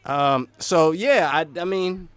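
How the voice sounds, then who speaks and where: A man giving casual, excitable live-stream commentary while wearing earphones, rambling and swinging between loud and soft. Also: fairly high pitch, takes it slowly, smooth, no echo. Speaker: streamer reacting to game news.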